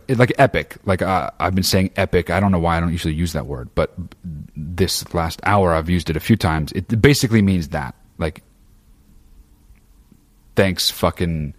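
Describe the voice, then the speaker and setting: A man with a notably low, deep voice gives a loose, profane, casual monologue directly to his listeners. He rambles, swears freely and pushes his opinions, his speech full of fillers and restarted sentences.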